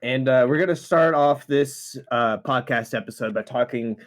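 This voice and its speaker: A man's voice: mid-range voice, normal speed. A man hosting a gaming podcast, chatting casually and swearing often. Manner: lively, swears and laughs often. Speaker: podcast host. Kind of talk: casual chat.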